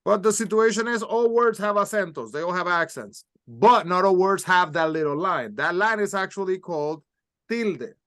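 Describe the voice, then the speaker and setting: Man, high voice, patient step-by-step pronunciation lesson. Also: animated, moderate pace, a bit bright. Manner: patient, explains step by step, models sounds. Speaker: Spanish teacher. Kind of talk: recorded language lesson.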